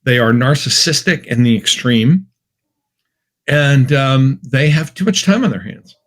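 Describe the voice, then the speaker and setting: An academic from Massachusetts, USA, appears as a guest on a podcast, his medium-pitched voice moving unhurriedly with lively intonation. He talks in a chatty, wry, anecdotal way, full of fillers and restarts, as in a podcast interview conversation.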